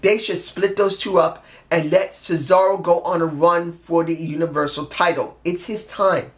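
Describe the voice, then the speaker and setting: A man's voice: a little high, steady tone, moderate pace, a bit bright. Man, vlogger reviewing wrestling: blunt and profane, heated, hammers points home by repeating them. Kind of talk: opinionated solo review rant.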